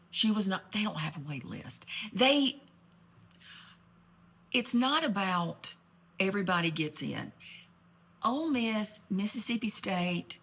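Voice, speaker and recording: Chatty woman, husky gossip. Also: mid-range voice, fairly bright tone. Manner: chatty, gossipy, rambling asides, genteel Southern sass. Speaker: comedic storyteller. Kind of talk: comedic monologue in character.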